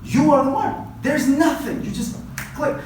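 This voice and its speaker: A man from Uzbekistan, a native Uzbek speaker, gives an animated motivational talk to students as a guest presenter at a language academy. His very high voice moves a little slowly as he repeats himself and keeps asking "right?". The recording has heavy echo and faint noise, with him far from the mic.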